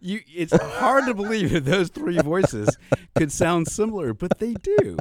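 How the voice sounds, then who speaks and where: Teasing male co-host with a lively voice. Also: high-pitched, unhurried. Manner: teasing, chatty, laughs easily. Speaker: wine auction director and co-host. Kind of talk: casual comic radio banter.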